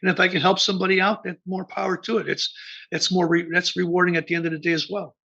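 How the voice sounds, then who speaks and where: A gravelly, husky older man from the American Midwest tells rambling band stories as a guest, stopping and restarting his sentences. His voice sits somewhat high and sounds bright and edgy. The audio is dull and lo-fi. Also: little pitch movement, quick pace. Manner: rambling anecdotes full of fillers and restarts. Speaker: band founder and bassist, interview guest. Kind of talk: casual interview storytelling. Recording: dull lo-fi remote interview audio.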